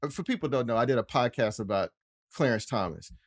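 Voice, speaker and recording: A man's voice: mid-range voice, animated, fairly quick, no echo, clean studio sound. A man with a Southern accent co-hosting a casual sports podcast, joking and laughing as he talks. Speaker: co-host.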